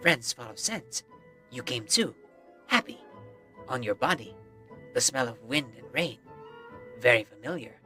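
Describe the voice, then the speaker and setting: Streamer voicing a gruff wolf-raised boy, talks in little broken bits, pretty bright, slow. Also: medium pitch, lively intonation, faint music behind, pitched below the performer's own voice. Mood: sniffing, content. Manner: short broken sentences.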